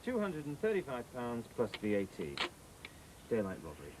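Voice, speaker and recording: A man's voice: mid-range voice, wildly swooping pitch, moderate pace, music in the background, low-quality recording. A sardonic, grumbling man. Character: grumbling man complaining about a bill. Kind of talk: soap opera acting.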